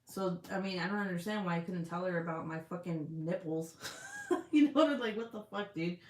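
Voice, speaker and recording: Lowish-voiced woman chatting in an echoey room. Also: normal speed. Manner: profane, rambling, frequent fillers and laughter. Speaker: vlogger reading live chat. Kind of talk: casual live-stream chat. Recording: roomy echo.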